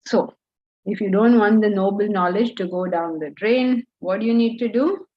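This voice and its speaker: A woman with an Indian accent teaching Vedanta to students, animated and scolding, full of rhetorical questions. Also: mid-range voice, normal speed, dull audio. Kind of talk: lecture to students.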